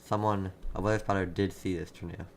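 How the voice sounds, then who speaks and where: A man with a fairly low voice gives live severe weather commentary, urgent and repeating himself as he answers chat. He sits at a desk mic, and faint keyboard typing clicks along behind him. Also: steady tone, quick pace, a little hiss or hum. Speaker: livestream weather host.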